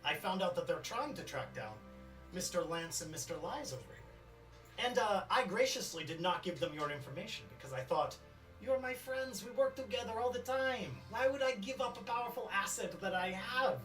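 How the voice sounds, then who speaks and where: A man's voice: fairly high pitch, very animated, moderate pace, a bit bright, far from the mic, faint music behind, poor audio. A man voicing a scheming male crime boss who speaks in an oily, magnanimous way. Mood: smug. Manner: oily, magnanimous, self-satisfied.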